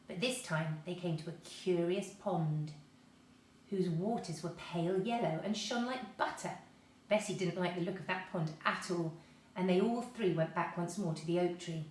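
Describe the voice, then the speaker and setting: A woman reading a children's story aloud, lively and expressive. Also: lowish voice, slight background noise. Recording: echoey room, mic at a distance.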